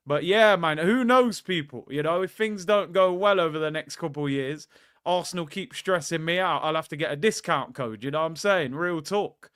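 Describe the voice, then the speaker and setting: A man's voice: a little high, moderate pace, fairly bright tone, clean tone. A man hosting a casual livestream, chatting loosely, reading out viewer comments and calling his audience "people". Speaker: football fan channel host.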